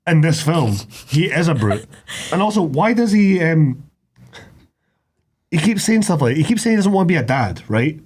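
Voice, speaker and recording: A man's voice: fairly high pitch, sing-song, moderate pace, pauses often, darkish tone, slightly rough. A man co-hosting a podcast, recapping a film in sweary, self-mocking casual chat. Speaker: podcast co-host.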